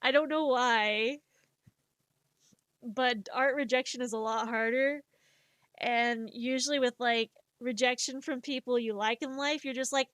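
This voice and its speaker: A woman's voice: a little high, measured pace, dry recording. A woman streamer chatting casually while drawing, rambling and candid, with stammered restarts. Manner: self-mocking, animated when acting out inner dialogue.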